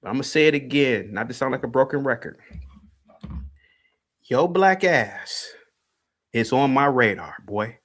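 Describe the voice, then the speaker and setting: A man's voice: medium pitch, lively intonation, unhurried, long pauses, fairly bright tone. A man hosting a call-in livestream, taunting and confrontational, repeating his points. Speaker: livestream host. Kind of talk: heated call-in stream rant.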